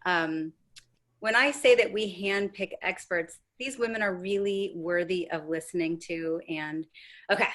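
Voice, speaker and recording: A woman's voice: fairly low pitch, unhurried, a bit bright. A woman hosting an interview, chatting in a friendly way with hesitant starts before she asks her questions. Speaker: host.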